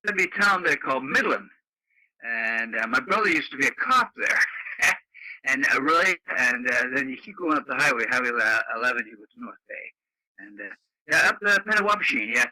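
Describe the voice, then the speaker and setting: A man's voice: mid-range voice, sing-song, fairly quick, pushed and bright, dry recording, low-quality recording. A man in a rambling, folksy casual chat over the radio. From Canada. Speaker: radio net regular.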